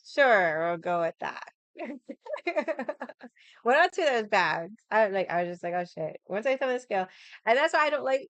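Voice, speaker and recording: A woman's voice: mid-range voice, smooth, no room sound. A young adult woman hosting a livestream, chatting casually and frankly, swearing freely and filling her talk with "like". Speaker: livestream host. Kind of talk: casual chat.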